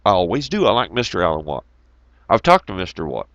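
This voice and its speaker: A man with a drawl rambles through stories to his viewers, swearing freely and joking as he goes. His voice rises and falls in a lively, animated way, and the sound is dry and close. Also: sits low, fast, dry recording, highs cut off. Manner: profane, rambling, jokey, greets chat viewers. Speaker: channel host. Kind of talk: casual rambling storytelling to viewers.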